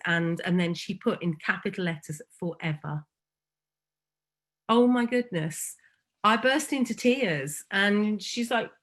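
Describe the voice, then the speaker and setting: Woman, foster carer, unhurried, tender, pausing often, mid pitch. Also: expressive, fairly bright tone. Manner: slow and emotional, pausing often. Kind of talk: heartfelt personal testimony.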